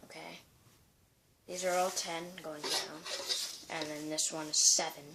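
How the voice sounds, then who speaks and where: A man's voice: on the high side, flat delivery, a little slow, vocal fry, long pauses, very noisy. A man casually showing and reading his own comic strips, rambling with many restarts. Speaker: amateur comic strip creator.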